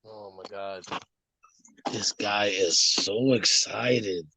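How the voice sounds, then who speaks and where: A woman hosting a casual livestream chat, talking loud and blunt, swearing freely and laughing a lot. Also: extremely low pitch, drawn-out words, slight background noise, poor audio. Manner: loud, swearing, laughs often, coos at dogs. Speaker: livestream host.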